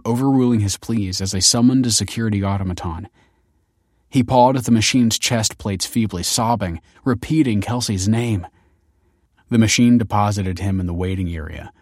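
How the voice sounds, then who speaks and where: A man reading a story aloud in measured, scripted audiobook narration. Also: on the low side, no echo, studio quality.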